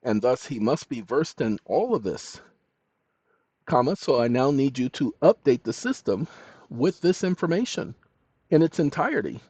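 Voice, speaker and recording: A man's voice: mid-range voice, very animated, normal speed, dark tone, slightly rough, no echo. A man hosting a tutorial, dictating prompts aloud with spoken punctuation between loose, chatty asides. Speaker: channel host. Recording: dull lo-fi recording.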